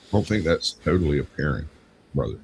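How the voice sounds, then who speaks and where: A man's voice: rumbling low, animated, quick pace, gravelly, a little hiss or hum, low-quality recording. A man co-hosting a casual talk show, telling long rambling anecdotes and acting out the people in them. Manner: rambling anecdotes with acted quotes. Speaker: podcast co-host. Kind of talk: casual storytelling chat.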